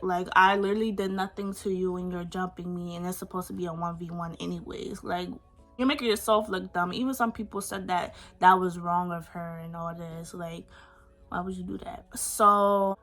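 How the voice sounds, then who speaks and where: Young woman vlogger, 18, from Pennsylvania; emphatic, indignant storyteller with slang, middle-pitched, recorded on a phone. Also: sharp tone. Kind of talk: storytime vlog.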